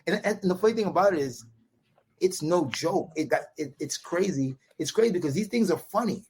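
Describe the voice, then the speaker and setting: A man from Brooklyn with a New York accent, a podcast guest telling a story in an animated, casual way and often tagging his sentences with "right?". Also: high-pitched, brisk, husky. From Brooklyn, USA. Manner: animated, repetitive restarts, quotes dialogue with "right?" tags.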